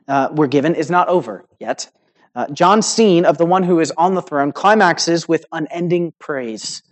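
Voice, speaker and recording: A pastor with a mid-range voice preaches a sermon to his congregation, earnest and emphatic. His phrases rise with emphasis, he slows down to stress key words, and he checks in with fillers like "right?" and "okay?"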